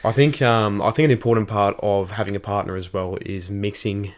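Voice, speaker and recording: A young man co-hosting a casual podcast chat, cracking dry, deadpan jokes. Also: on the low side, fairly quick. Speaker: podcast co-host.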